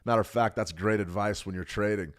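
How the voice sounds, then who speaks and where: A middle-aged man hosting a live trading stream, talking fast and joking with viewers while he reads the chat. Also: fairly low pitch. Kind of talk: live market analysis, reading chat.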